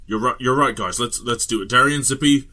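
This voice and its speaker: A man playing a tabletop game, animated and acting out his character's speech. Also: medium pitch, a little fast. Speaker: player. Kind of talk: tabletop role-play.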